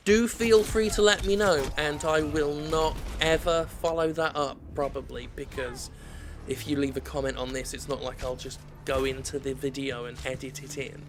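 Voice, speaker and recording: A man's voice: a little high, steady tone, normal speed, background noise. A man giving rambling, sweary, self-deprecating commentary over his own gameplay, drifting off on tangents. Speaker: gaming video host.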